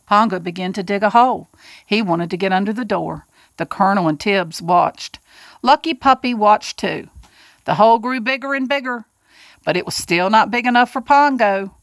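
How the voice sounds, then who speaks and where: A woman with a mid-range, slightly bright voice reads a children's picture book aloud, giving the characters their own voices. She adds little asides for her listeners, and there's no room sound.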